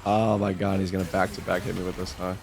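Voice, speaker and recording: A man streaming live and reacting to his game in quick, exclamatory bursts, often scolding himself. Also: low voice, flat delivery, background noise. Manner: reactive, exclamatory, self-critical. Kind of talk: live gameplay commentary.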